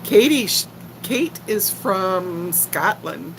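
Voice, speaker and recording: A woman's voice: mid-range voice, lively intonation, takes it slowly, background noise. An older woman from Texas with a faint Texan accent, chatting casually and giggling with viewers on a livestream. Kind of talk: casual live chat.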